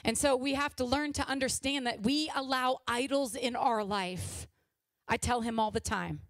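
Delivering a sermon, a high-voiced pastor's wife in her forties leans in with loud, fervent exhortation, then drops to a quiet, confessional register. The recording is close and dry with no echo, and her pace is moderate.

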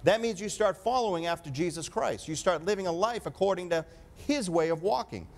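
A man's voice: high voice, a little fast. A man preaching a sermon with emphatic delivery, often calling for an amen.

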